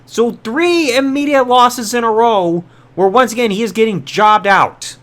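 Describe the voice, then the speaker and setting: A man hosting a podcast, recapping storylines in a chatty, casual way with quick asides and quoted lines. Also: extremely high pitch, fairly bright tone. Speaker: podcast host.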